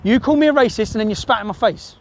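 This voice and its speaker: A man's voice: high-pitched, quick pace, a little hiss or hum. A man with an aggressive, swearing manner, confronting a stranger outdoors on a phone camera. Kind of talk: heated street confrontation. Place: outdoor car park.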